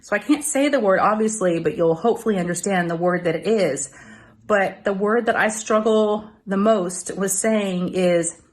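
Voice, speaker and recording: A woman's voice: mid-range voice, moderate pace. A woman sending in a casual clip, chatting and giggling as she tries a hard word. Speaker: guest clip sender. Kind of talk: casual chat.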